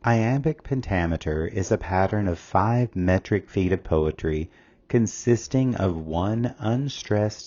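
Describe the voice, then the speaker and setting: Man, tutor, very low voice, measured, reads questions and answer choices aloud. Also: animated, a little mellow, lo-fi sound. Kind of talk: scripted test-prep lesson.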